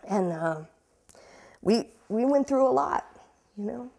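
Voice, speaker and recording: A young woman recounting a personal ordeal, halting and repeating words, emotional but steady, with rueful laughs. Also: mid-range voice, vocal fry. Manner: halting, repeats words while searching for them. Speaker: interviewee. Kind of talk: personal storytelling.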